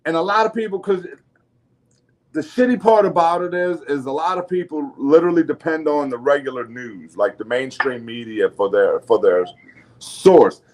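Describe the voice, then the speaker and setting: A man's voice: fairly high pitch, normal speed, a little mellow. A man with a New Orleans accent hosting a casual podcast, talking loosely, laughing and swearing freely with frequent restarts. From New Orleans area. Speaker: podcast host.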